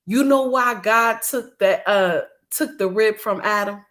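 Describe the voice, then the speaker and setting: A woman's voice: fairly high pitch, a little slow, few pauses. A middle-aged woman, delivering an indignant, preachy ranting monologue full of repetition. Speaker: commentator.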